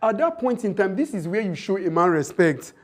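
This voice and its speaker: High-voiced man giving emphatic advice. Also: big pitch swings, fairly quick. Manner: preachy and emphatic, acts out quoted dialogue. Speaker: relationship trainer. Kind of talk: training talk to women.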